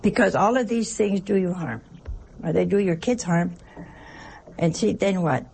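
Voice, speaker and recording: An older nun preaches in a homely, chatty way, sprinkling in stories and rhetorical questions. Her voice has a gravelly, creaky texture at a middling pitch, with a faint hiss of noise behind it. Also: a little slow, darkish tone. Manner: chatty, asks rhetorical questions, tells anecdotes. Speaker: nun giving a religious talk. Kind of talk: conversational sermon.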